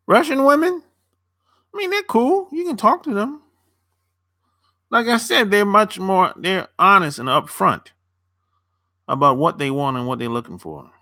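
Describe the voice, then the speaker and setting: A man's voice: high-pitched, animated, a little slow, long pauses, pushed and bright, dry recording, studio quality. A young man chatting loosely on a live stream, answering viewers as a dating coach, rambling and repeating himself with casual swearing.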